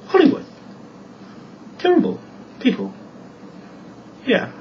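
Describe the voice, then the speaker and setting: A man's voice: fairly high pitch, far from the mic, highs cut off, a little hiss or hum. A man giving a rambling, repetitive video monologue full of warnings. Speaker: video blogger.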